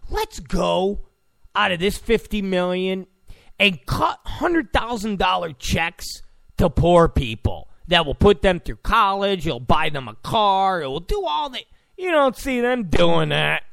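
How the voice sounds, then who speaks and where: High-pitched, gravelly sarcastic man ranting. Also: very animated, slow, fairly bright tone, no room sound, clean studio sound. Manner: sarcastic, mocking, blunt. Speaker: political commentator. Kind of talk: ranting political commentary.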